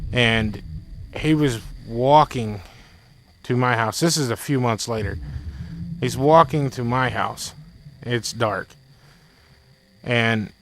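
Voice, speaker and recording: A man's voice: medium pitch, slight background noise, low-quality recording. A young man telling a frightening personal story in casual talk, rambling and repeating himself, with faint music behind. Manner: rambling, repeats himself, quotes friend in excited bursts.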